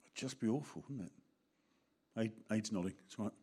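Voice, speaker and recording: Preaching with animation, this middle-aged man with an English accent speaks straight to his congregation and performs small character voices. His voice sits on the low side, sounds husky, and moves a little fast.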